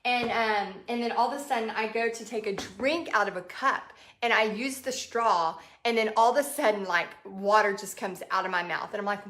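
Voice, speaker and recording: A woman's voice: medium pitch, normal speed, few pauses, fairly bright tone. A chatty woman with a Texan accent, hosting a casual livestream, laughing often and reading out viewer comments. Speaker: art business coach host.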